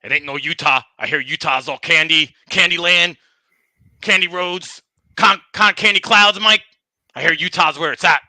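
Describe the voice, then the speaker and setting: A man's voice: on the high side, normal speed, bright, forceful tone, no room sound. A man voicing a tough-talking bowling ball in a comedy podcast skit, griping and boasting as he trash-talks and keeps saying the host's name. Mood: mocking. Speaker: guest.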